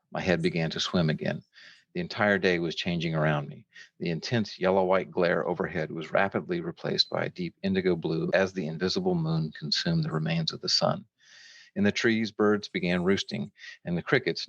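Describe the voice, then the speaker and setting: An older man, an author, reading from his novel in a measured, steady way. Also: sits low, dry recording, highs cut off.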